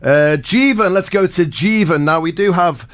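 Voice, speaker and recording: A man's voice: sits high, moderate pace, dry recording. A man hosting a morning radio show, bantering with callers in a jokey, laid-back way. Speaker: radio host. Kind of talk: casual morning radio chat.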